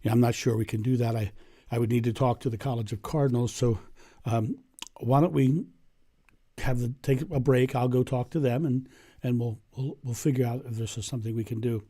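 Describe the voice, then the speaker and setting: A hoarse man voicing a gentle, cautious old pope who speaks in a fatherly way. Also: mid-range voice, steady tone, brisk, natural voice. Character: mild elderly male pope, gentle and cautious.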